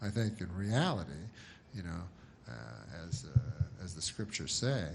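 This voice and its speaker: A man performing stand-up comedy at a private show, rambling in a halting deadpan way with many restarts. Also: low voice, gravelly, noisy background. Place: live private show audience.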